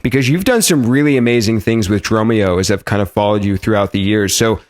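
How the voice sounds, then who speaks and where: A man's voice: fairly low pitch, brisk. A man hosting a podcast, introducing his guest and asking questions in a chatty, casual way. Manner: lively, chatty, with fillers and restarts. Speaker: podcast host.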